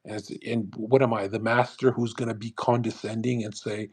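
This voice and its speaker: A man's voice: lowish voice, level tone, normal speed, few pauses, darkish tone, husky. Male host, brash motivational lecturer on a live audio chat; profane and repetitive. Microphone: online audio call.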